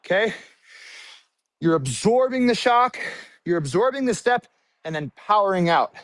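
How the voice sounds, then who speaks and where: A male fitness coach talks people through a bodyweight workout while doing it himself. His voice sits high, and he counts reps and calls out cues, sometimes short of breath. The sound is dry and close. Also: a bit bright, no room sound. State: out of breath at times. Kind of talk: live workout instruction.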